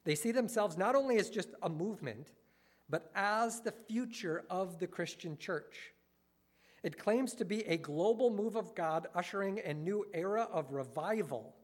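A man giving an earnest, lecture-style talk, reading quotes aloud and adding wry asides. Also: high voice. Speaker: speaker critiquing a church movement.

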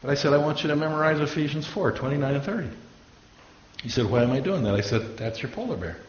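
Fairly high-pitched and fast-talking, a pastor preaches and tells stories, taking on the voices of people he quotes. Expect echo, a dull lo-fi sound, and faint hiss.

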